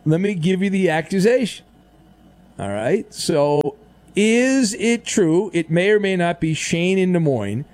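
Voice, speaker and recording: Radio host, male, slightly higher voice, playful and mock-serious, swings his pitch up and down. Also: darkish tone. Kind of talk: late-night radio talk.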